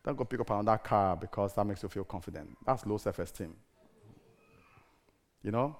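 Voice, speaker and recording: A middle-aged man preaching a sermon in an animated, theatrical way, firing rhetorical questions at the congregation. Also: lowish voice, normal speed, creaky.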